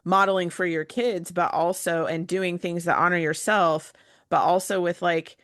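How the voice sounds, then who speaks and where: A woman's voice: fairly low pitch, normal speed, no room sound, studio quality. A mother and guest on a talk podcast, chatting casually and acting out her own family moments. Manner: animated storyteller, acts out family talk. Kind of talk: casual chat.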